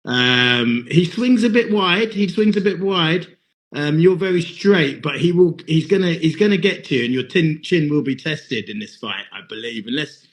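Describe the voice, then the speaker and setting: Host, slightly raised pitch, energetic and encouraging on a live call-in. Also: male voice. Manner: enthusiastic, repeats praise. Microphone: phone or video call.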